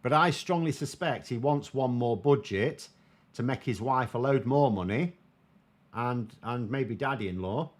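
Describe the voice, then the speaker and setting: Viewers' political questions get a wry, sardonic treatment from a British commentator who hosts the show, speaking a little slowly at an ordinary middle pitch. The commentary is relaxed and chatty, and he often trails off into ums before restarting.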